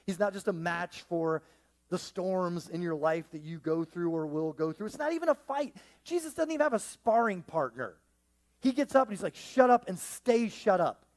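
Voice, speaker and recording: A man with a notably high-pitched voice preaches a lively sermon to a church congregation. He jokes and riffs, dropping to a near-hush one moment and pushing loud the next. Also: moderate pace. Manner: animated, joking, swings between hushed and loud. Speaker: pastor.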